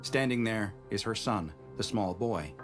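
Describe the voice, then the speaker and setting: A man reads a scripted horror tale at a measured, even pace, his voice pitched fairly low. Loud background music plays under his narration throughout. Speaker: narrator of the reacted video.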